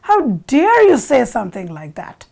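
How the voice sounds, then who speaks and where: A woman storyteller voicing an easily alarmed male king who makes raised, sharp demands. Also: high-pitched, huge pitch swings, moderate pace, creaky, full character voice. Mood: indignant.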